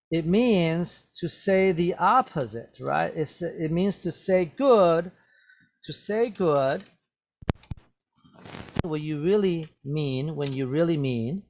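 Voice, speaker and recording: A man teaching English vocabulary to learners, his voice sitting slightly high for a man. He moves very slowly through each word, repeating it several times and checking understanding with "okay?" after nearly every phrase. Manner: repetitive, drawn-out explanations with many "okay?" checks. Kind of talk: slow classroom vocabulary lesson.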